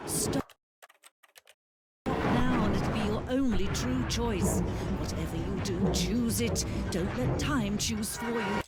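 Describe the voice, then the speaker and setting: A woman voicing a gentle, knowing female narrator in a video game, speaking slowly and calmly. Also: mid-range voice, close to an everyday voice. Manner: calm, slow, pleading. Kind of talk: scripted game voice acting. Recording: game audio under loud noise.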